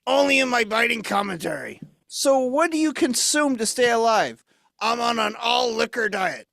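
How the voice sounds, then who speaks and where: A man voicing a boozy, mean-spirited male alien eyeball puppet who fires off deadpan insults in a slow, drunken drawl. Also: very high-pitched, gravelly, no echo, studio quality, heavily acted. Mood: snarky.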